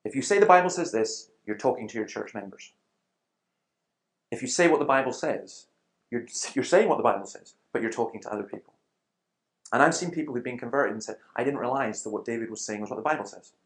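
Man telling lively anecdotes. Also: mid-range voice, quick pace. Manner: animated storyteller, acts out quoted voices. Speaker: Christian speaker. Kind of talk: conversational talk with anecdotes.

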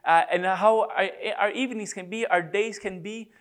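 A man preaching a reflective devotional talk on prayer, speaking in a halting way with many pauses and restarts. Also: high voice, fairly even intonation, a bit bright.

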